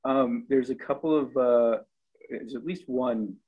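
A middle-aged man, a cookbook author, chatting as a guest in a relaxed interview, hesitant with lots of ums and restarts. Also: mid-range voice, unhurried, slightly rough, narrow, tinny audio. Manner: hesitant, many ums and restarts, chuckling asides. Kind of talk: casual interview chat.

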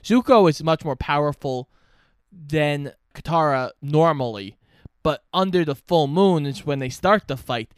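A man co-hosts a podcast, patiently filling in plot details in relaxed chat. His voice sits a bit high and sounds smooth and clear. The recording is close and dry. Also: measured pace, no room sound. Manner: explanatory, lays out plot details. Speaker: podcast co-host. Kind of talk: casual chat recapping a cartoon.

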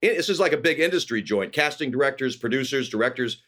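A middle-aged man from California, a guest actor telling animated stories in casual conversation, often acting out quoted voices. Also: mid-range voice, fast talker. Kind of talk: casual storytelling.

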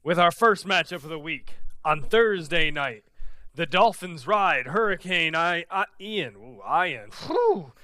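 A man co-hosting a sports podcast with a bright, smooth, clear voice. He delivers his game previews like punchy one-liners with a deadpan edge. The sound is dry and close to the mic. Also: fairly high pitch, measured pace, dry recording. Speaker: podcast co-host. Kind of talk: casual sports podcast banter.

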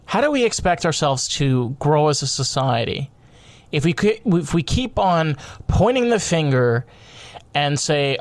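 A man with a somewhat high voice delivers a heated podcast monologue. He rambles, repeats himself and restarts his sentences, swearing freely as he pushes his point. The sound is close and dry, with no room echo. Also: lively intonation, measured pace. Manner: grows loud and high-pitched when worked up. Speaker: podcast host.

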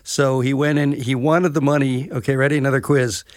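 A man's voice: mid-range voice, steady tone, brisk, no room sound, studio quality. A man co-hosting a podcast, telling a story and setting a quiz. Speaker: podcast co-host. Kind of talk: anecdote telling.

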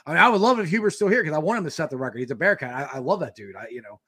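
Fast bright-voiced man, hedging. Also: on the high side, lively intonation, slightly rough. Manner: quick, hedging, agreeable. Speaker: podcast host. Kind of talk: casual sports chat.

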